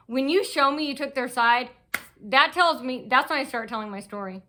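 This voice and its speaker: A woman talking straight to her viewers in a rambling, aggrieved monologue. Her voice is bright and sharp, set a little high, and she keeps circling back and restarting her sentences. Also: normal speed. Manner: agitated, aggrieved, restless storytelling with many restarts. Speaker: vlogger.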